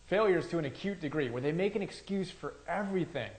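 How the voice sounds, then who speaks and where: A man's voice: a little high, animated, quick pace, low-quality recording. A man giving an enthusiastic, conversational review of a motivational book, often checking in with "right?".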